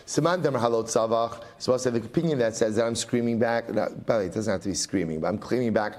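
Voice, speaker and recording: A middle-aged man leads a Talmud class as a rabbi, speaking in an animated way that repeats key phrases for emphasis. He mixes Aramaic and Hebrew terms into his teaching. His voice sits at an ordinary middle pitch for a man. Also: fast. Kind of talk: Talmud study lecture.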